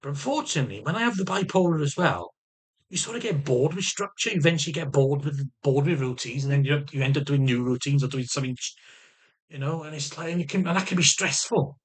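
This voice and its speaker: A man's voice: a little high, expressive, quick pace, breathy edge. A man vlogging in an unscripted, rambling, sweary way, repeating himself as he talks through his frustrations. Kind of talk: unscripted personal vlog.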